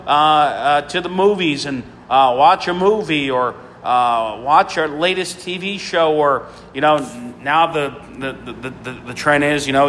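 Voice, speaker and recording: A man's voice: a little high, a bit bright, slight background noise. Preaching man in an echoing hall. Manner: preachy, repetitive cadence with many fillers. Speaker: pastor. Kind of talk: sermon. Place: church sanctuary. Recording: long reverb in a large hall.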